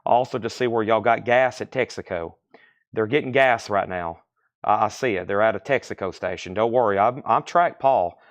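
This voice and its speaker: Man running a live record sale. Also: lowish voice. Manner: brisk, businesslike listing of titles, grades and prices, greets bidders by name; casual and chatty with viewers. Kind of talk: live-stream sales patter.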